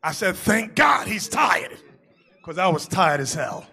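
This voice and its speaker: Male bishop preaching, high bright voice with a very lively pitch, shouts during jokes. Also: unhurried, creaky, faint music behind. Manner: animated, joking storytelling with shouted asides. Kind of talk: sermon.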